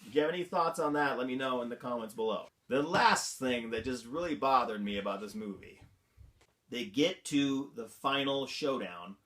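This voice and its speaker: A man's voice: medium pitch, lively intonation, moderate pace, a bit bright. A man hosting a vlog, giving a casual movie review in an amused, incredulous manner and laughing often. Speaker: vlog host.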